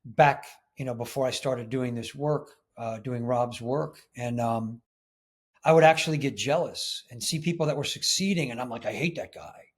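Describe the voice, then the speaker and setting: Guy guesting on a podcast, mid-pitched voice, earnest and really emphatic. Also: moderate pace. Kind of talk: casual interview chat.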